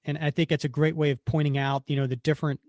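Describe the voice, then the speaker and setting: Man excitedly recapping a comic. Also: fairly high pitch, quick pace, no echo. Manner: retells panels acting out the characters' lines. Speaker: podcast co-host. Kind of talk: casual comic book recap.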